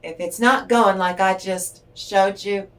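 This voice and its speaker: A woman's voice: medium pitch, steady tone, a little slow. An older woman giving a tarot reading in a chatty, rambling storytelling way, laughing often. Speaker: tarot reader. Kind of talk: casual spiritual chat and storytelling. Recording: voice distant from the mic.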